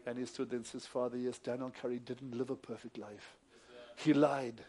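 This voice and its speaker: A male preacher, moving between hushed retelling of a story and loud, emphatic preaching. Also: medium pitch, fairly even intonation, normal speed. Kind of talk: sermon with storytelling.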